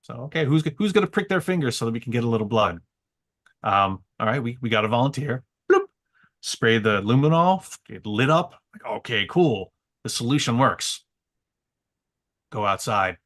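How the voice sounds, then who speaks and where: A man on a podcast, telling a story with excitable energy and frequent stammering repeats. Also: medium pitch, moderate pace. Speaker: guest. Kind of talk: animated storytelling.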